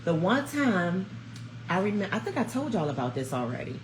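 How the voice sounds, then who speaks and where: A woman in her fifties, hosting a vlog from home and chatting to viewers in a chatty, animated storytelling way. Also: medium pitch, brisk, slight background noise. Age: 50s. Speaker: vlog host. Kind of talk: casual chat to viewers. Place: at home, snowed in. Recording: roomy echo.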